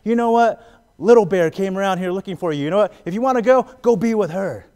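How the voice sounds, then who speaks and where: A man voicing a nagging, angry wife who scolds her husband loudly. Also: expressive, fast talker. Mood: scolding. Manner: shrill scolding.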